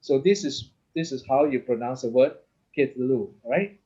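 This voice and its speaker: A man's voice: mid-range voice, lively intonation, moderate pace, warm tone, husky. A man teaching a lesson. He explains step by step with many restarts and keeps checking in with "okay?" and "right?". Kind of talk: lesson explaining Hebrew vowel points. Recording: slightly dull lo-fi sound.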